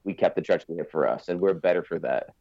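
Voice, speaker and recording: A man's voice: low voice, gravelly, a little mellow, no echo, dull audio. A man from Canada, co-hosting a podcast in casual chat and often repeating words as he gets going. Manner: halting, repeats words as he starts. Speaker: podcast co-host.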